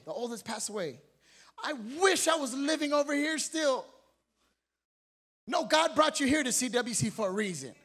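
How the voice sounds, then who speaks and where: Brief: energetic male preacher with a very high voice, firing questions at his church. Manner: energetic, exhorting, calls out questions to the congregation. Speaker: pastor. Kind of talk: sermon. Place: church sanctuary.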